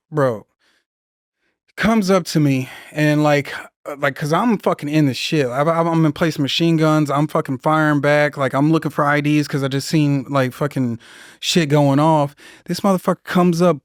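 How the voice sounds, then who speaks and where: A young man with a fairly high voice, a veteran podcast guest, tells rambling, profanity-filled stories in a casual storytelling interview. The audio is studio quality with no echo.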